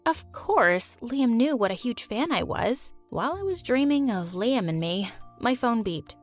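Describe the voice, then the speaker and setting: A woman narrating a dramatic first-person story in an expressive way. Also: fairly high pitch, measured pace, soft background music.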